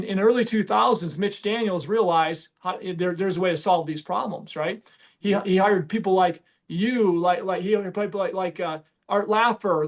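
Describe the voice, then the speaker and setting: A middle-aged man, hosting a casual podcast and talking emphatically with many restarts. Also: high voice. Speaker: podcast host and business owner.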